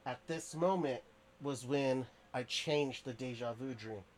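A man's voice: medium pitch, measured pace, a little hiss or hum. A man, a podcast guest, tells a story in a casual, rambling way with lots of fillers and restarts.

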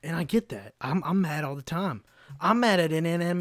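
A man's voice: on the high side, expressive, moderate pace, a bit bright, no echo, studio quality. A man hosting his own podcast, ranting in a casual, sarcastic and heavily profane way. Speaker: podcast host. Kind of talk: casual solo rant.

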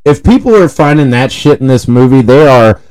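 A man co-hosting a comedy podcast, talking in a profane, animated ranting way. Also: mid-range voice, normal speed, clean tone, poor audio. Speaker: podcast co-host. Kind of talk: casual comedic chat.

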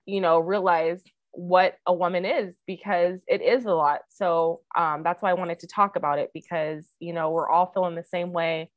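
Low-voiced woman podcast co-host, dry sound. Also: steady tone, moderate pace, few pauses, no room sound, narrow, tinny audio. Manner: warm agreeing, frequent "mm-hmm". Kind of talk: casual chat.

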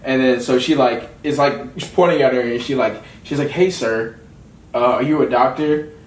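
A young man co-hosting a casual podcast chat about a film, excitable and slangy, often laughing as he recounts scenes. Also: medium pitch, moderate pace. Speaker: podcast co-host. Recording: echoey room, mic far off, faint noise.

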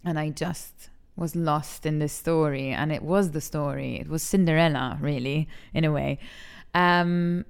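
A young adult actress from Malta, speaking openly and with feeling in an interview, laughing easily. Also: female voice, sits low, fairly even intonation, measured pace, vocal fry, hardly any pauses, smooth. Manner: candid and emotional, laughs easily. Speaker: actress and TV talent show judge. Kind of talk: frank interview conversation.

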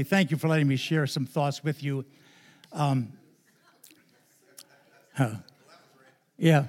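Joking older pastor, light voice. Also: male voice, fairly high pitch. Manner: chatty, joking, animated storytelling to a congregation. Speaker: guest pastor. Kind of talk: sermon with storytelling. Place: church sanctuary.

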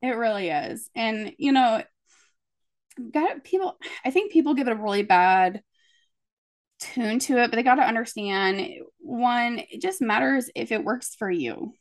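This woman's voice is a little high and her pace measured as she hosts a casual podcast. She tells stories with animation, playing out people's words in character.

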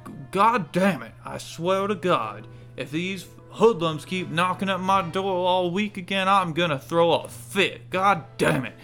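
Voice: mid-range voice, lively intonation, measured pace, hardly any pauses, fairly bright tone, faint music behind, pitched above the performer's own voice. A game master voicing a grumpy male town mayor who curses irritably. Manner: cursing, irritable.

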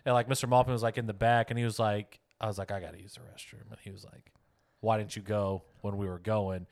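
A man in his thirties telling a story in casual podcast chat, animated and swearing freely, acting out the other people in it. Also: fairly low pitch, fast talker, dry recording. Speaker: podcast co-host.

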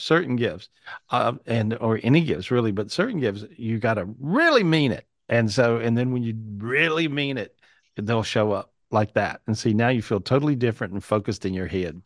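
A man's voice: mid-range voice, no echo. Chatty man giving readings, dry sound. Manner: chatty, reassuring, repeats himself. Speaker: psychic host. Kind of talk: live video-call reading. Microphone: video call.

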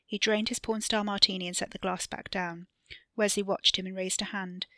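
A woman reading her own dark fiction podcast in a steady, measured storytelling voice. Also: mid-range voice, dry recording. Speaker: podcast author and narrator. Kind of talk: audiobook-style fiction narration.

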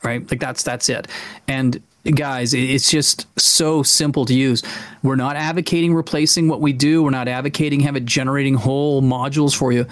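A man's voice: medium pitch, steady tone, normal speed, dry recording. Rambling, enthusiastic male podcast host. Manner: enthusiastic, rambling with many fillers and restarts. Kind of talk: casual chat.

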